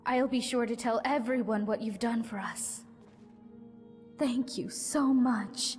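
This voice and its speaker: A woman's voice: on the high side, takes it slowly, a little mellow. Flustered game townswoman. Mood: relieved. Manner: rambling and flustered, trips over her words. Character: anxious married townswoman, floor sweeper, bitter and self-deprecating. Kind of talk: video game character dialogue. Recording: game audio with long reverb and faint music.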